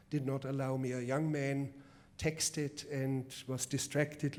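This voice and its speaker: A man with a German accent, a film director at a public masterclass, answering a question with a deliberate, emphatic anecdote. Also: mid-range voice, a little mellow. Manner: deliberate, emphatic storytelling with restarts. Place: festival event before a live audience.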